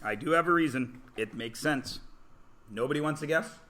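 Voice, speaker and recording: A man's voice: on the high side, normal speed, bright, forceful tone. A man teaching a math class, joking about himself and prodding students to guess answers. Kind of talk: classroom lecture.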